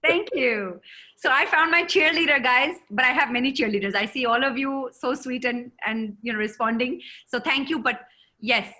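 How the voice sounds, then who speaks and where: A woman's voice: sits high, normal speed. A woman who grew up in America, giving an online communication seminar as a trainer and calling on participants by name over a video call. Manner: lively, addresses participants by name.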